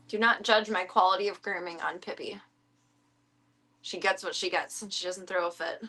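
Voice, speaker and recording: A woman's voice: on the low side, moderate pace, sharp tone. A woman chatting casually on a live stream from her home, switching into cooing baby talk for her pets and making wry asides.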